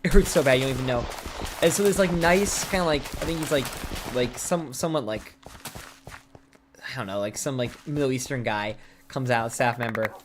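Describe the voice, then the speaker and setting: A man's voice: mid-range voice, moderate pace. Rambling young man telling a story. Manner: rambling, full of "like" fillers and restarts. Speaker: streamer. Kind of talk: rambling storytelling while gaming. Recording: noisy home stream mic with clicks.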